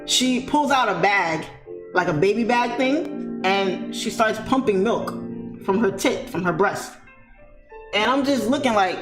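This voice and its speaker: Animated woman telling a story. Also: mid-range voice, measured pace. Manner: animated, talks straight to viewers. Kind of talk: casual storytime chat. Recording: echoey room with faint music.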